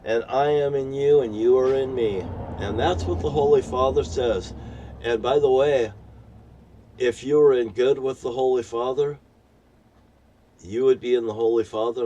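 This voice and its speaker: A man in an angry, profane rant that rambles like a sermon. His medium-pitched voice sits a little back from the mic. A vehicle can be heard faintly around him. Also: dark tone, recorded from a distance. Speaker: vlogger. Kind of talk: ranting monologue to camera.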